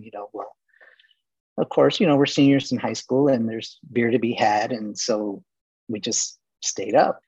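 A man's voice: medium pitch, steady tone, moderate pace, darkish tone, slightly rough, no echo, lo-fi sound. A man in his forties from Texas, a guest casually telling long rambling stories with lots of fillers. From Laredo, Texas. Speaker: interview guest. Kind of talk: casual storytelling interview.

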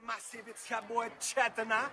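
A man's voice: extremely high pitch, little pitch movement, moderate pace, over a noisy crowd. A man in a viral social media clip, talking in an exaggerated put-on Jamaican patois with a sing-song delivery. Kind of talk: over-the-top social media monologue. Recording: loud noisy phone video clip.

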